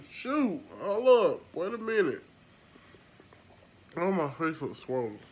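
Sounding stuffed up from sinus problems, a woman talks chattily to her viewers as y'all in a casual home vlog shot on her phone. Her voice sits on the low side and is a bit bright, with slight background noise.

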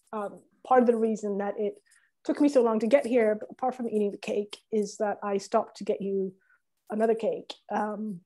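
An earnest, apologetic new boss with a high voice, played by a woman in an online improv scene. She reasons and placates, trying to smooth things over. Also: fairly bright tone. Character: newly promoted woman boss, guilty and apologetic. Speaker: improv performer. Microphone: online call.

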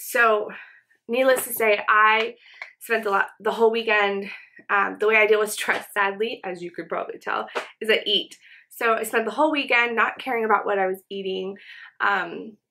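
Bright-voiced woman rambling in a beauty vlog. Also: mid-range voice, slight background noise. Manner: rambling, many fillers like "um" and "you know". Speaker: beauty vlogger. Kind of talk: casual get-ready-with-me chat. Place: home, indoors.

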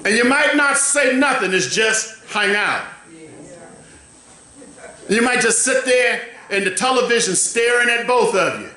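A male pastor preaching a sermon in a church, with drawn-out, emphatic phrasing that rises into shouted, chanting passages. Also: extremely high pitch, expressive. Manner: rising to shouted, chanting preaching with a call-and-response rhythm. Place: church sanctuary. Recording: echoey church room.

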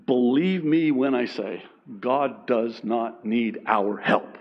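A male pastor delivers a sermon with animated, self-deprecating energy and laughs often. He slips into little acted voices as he tells his stories. His pitch sits in an ordinary middle range, and the recording is slightly dull. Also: slow, gravelly.

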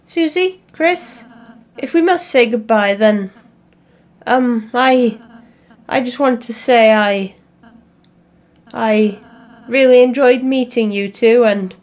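A woman voicing a shy, gentle young male goat prince, soft and stammering, in a fan voice-over of a game. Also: fairly high pitch, takes it slowly, pauses often. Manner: soft, hesitant, stammering apologies.

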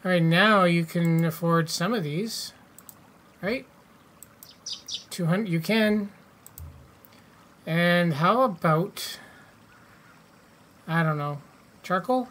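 A man's voice: high-pitched, slow pace, pauses often, a bit bright. Joking man playing a game. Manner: joking, profane, reads game text aloud. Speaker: gaming channel host. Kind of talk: casual let's-play commentary.

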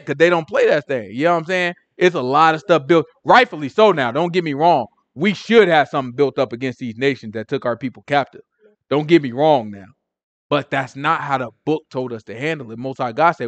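Male preacher, AAVE speech, lively casual sermon, higher voice, dry close sound. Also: a little fast, no echo. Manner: animated, colloquial, mimics people in different voices. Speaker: Bible teacher.

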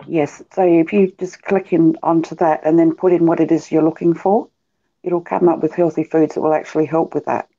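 A woman guest, a healer, speaking in a soft-spoken, hesitant way with many fillers during a casual live interview. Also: low voice, fairly even intonation, a little fast. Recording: muffled live-stream audio.

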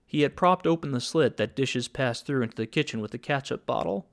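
A man reading a story aloud as audiobook narrator, in plain, even storytelling. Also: mid-range voice, fairly quick, gravelly. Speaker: audiobook reader. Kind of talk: scripted narration.

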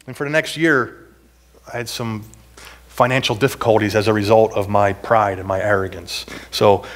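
A man's voice: lowish voice, fairly even intonation, normal speed. A middle-aged man, a pastor, giving a sermon in a church, telling personal stories in a conversational, self-deprecating way that builds to emphatic points. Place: church sanctuary.

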